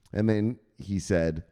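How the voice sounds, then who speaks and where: Hyped, swearing man hosting a crypto show. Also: fairly low pitch. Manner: profane, hyped, shouts catchphrase "bang"; talks straight to viewers, gives shout-outs. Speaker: crypto news show host. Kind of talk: casual livestream commentary. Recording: echoey room with long reverb.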